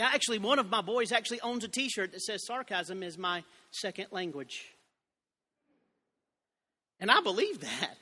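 A man's voice: sits high, bright, forceful tone, big-room sound. A man preaching a sermon, reading scripture and telling folksy, joking asides to his congregation. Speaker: pastor.

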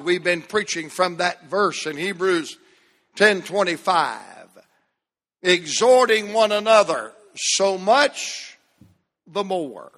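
High-voiced preacher, echoey church. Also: male voice, fairly bright tone. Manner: preaching with call-and-response, drawn-out emphatic phrases. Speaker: pastor. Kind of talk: sermon.

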